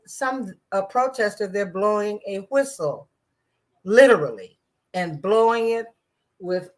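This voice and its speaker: A woman giving casual political commentary in a sarcastic, rambling way, with many restarts and asides. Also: mid-range voice.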